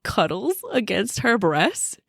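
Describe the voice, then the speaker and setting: A woman's voice: mid-range voice, takes it slowly, creaky, no echo. Woman, podcast co-host, casual book chat, mid-range voice, dry recording. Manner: animated retelling, acts out characters' lines, laughs often.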